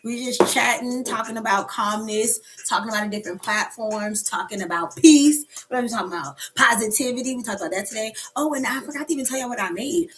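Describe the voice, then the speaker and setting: A woman's voice: fairly high pitch, fast, few pauses, poor audio. A woman hosting a casual live coffee chat stream. She talks loosely, answers her viewers' comments and laughs often.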